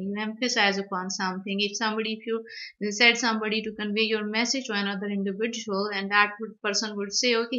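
A woman teacher gives a grammar lecture, explaining each point step by step and repeating herself. Her voice is bright and sits a little high. The recording is dull and lo-fi.

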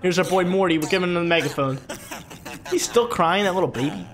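A man giving playful, excitable commentary over a video game walkthrough. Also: high voice, fast talker. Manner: excitable, playful hype talk. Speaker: gaming commentator. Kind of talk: let's play commentary.

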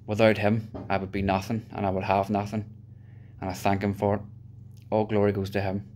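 A man from Northern Ireland gives a heartfelt testimony in a low, very level voice. He speaks steadily, with an occasional "you know" as he reflects. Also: monotone, brisk, a little mellow, slight background noise. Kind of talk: personal testimony.

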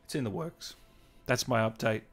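A man hosts a gaming livestream in a loose, chatty way, reading out viewer comments and laughing often. His voice sits at an ordinary middle pitch. Faint music plays underneath. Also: moderate pace, a bit bright, slightly rough. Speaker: gaming livestream host and interviewer. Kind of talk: casual livestream chat.

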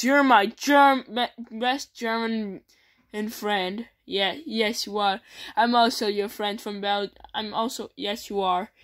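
A woman's voice: fairly high pitch, a bit bright. A woman improvising a goofy comedy skit for her toy characters, rambling along with many false starts. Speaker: creator voicing toy characters.

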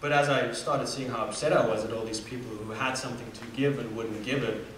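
A man's voice: mid-range voice, steady tone, fairly quick, a bit bright, slight background noise. Young man, echoey hall, far off. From Namibia. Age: 20s. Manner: earnest storytelling with fillers and restarts. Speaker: student speaker. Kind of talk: personal story talk.

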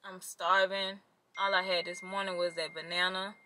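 Chatty woman vlogger with a bright voice. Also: fairly low pitch, level tone, normal speed, slight background noise, poor audio. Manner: chatty, complaining, addresses viewers as y'all. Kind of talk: casual vlog chat to camera.

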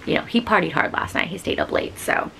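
A woman's voice: low-pitched, wildly swooping pitch, fairly quick, gravelly, bright, forceful tone, slight background noise. A woman in her thirties chatting casually to her phone camera at home as a mom vlogger, talking with feeling and laughing often. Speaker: vlogger, mother. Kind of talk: casual vlog chat. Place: home, indoors.

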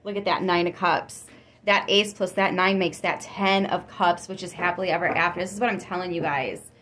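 A woman giving a casual tarot reading, chatty and excitable, with frequent gasps and laughs. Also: on the low side, brisk. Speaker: tarot reader.

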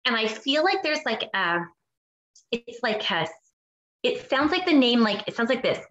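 Woman medium on a video call; bright, halting delivery with lots of fillers. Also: a little high, big pitch swings, dull audio, slight background noise. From Canada. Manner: halting, searching, full of fillers. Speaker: psychic medium. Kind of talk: live online group reading. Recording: echoey room on a video call.

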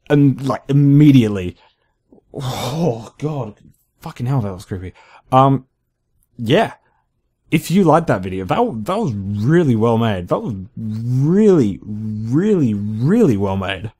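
A man hosting a gaming channel, giving excitable, swearing commentary while playing a horror game. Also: mid-range voice, unhurried, slightly rough. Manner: excitable, swears, reacts loudly.

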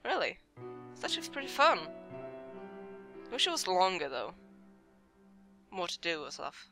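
A let's play host who reads a narrative game's text aloud slowly and dramatically, then chats with excitement about the game. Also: mid-range voice, vocal fry, music in the background.

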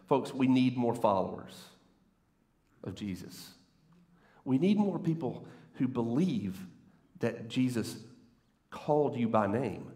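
A man's voice: mid-range voice, a little mellow. A man preaching a sermon from a church stage, playful and conversational, teasing the congregation as he talks. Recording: roomy church echo.

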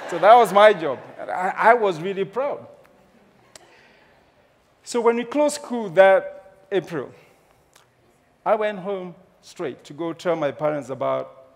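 Kenyan man, storytelling talk, gravelly voice, long hall reverb. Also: a little high. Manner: humorous, animated storyteller. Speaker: speaker.

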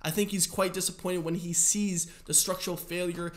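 A man's voice: sits high, level tone, normal speed. A man hosting a cycling channel, giving chatty, amused, explanatory commentary on a video.

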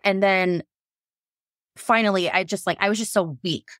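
A young woman, a nurse and podcast guest, candidly telling a personal story in a lively way, acting out what people said and laughing often. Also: medium pitch, normal speed, no echo, clean studio sound. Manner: lively, quotes herself, frequent laughs.

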